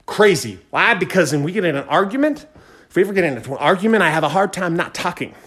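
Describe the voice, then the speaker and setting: Fired-up, fast-talking man. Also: high-pitched, expressive, a bit bright. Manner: repeats phrases for emphasis. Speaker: podcast host. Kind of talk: motivational podcast monologue.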